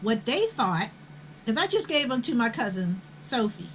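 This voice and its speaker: A woman's voice: a little high, very animated, moderate pace, slight background noise, low-quality recording. An older woman, telling a family story in a blunt, profane, indignant way. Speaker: host. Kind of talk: casual storytelling.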